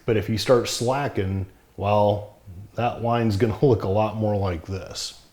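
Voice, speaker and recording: A man's voice: on the low side, fairly even intonation, unhurried, a little mellow. A middle-aged man talking frankly and plainly to the camera, wry at times, somewhat short of breath. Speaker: vlogger. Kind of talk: casual talk to camera.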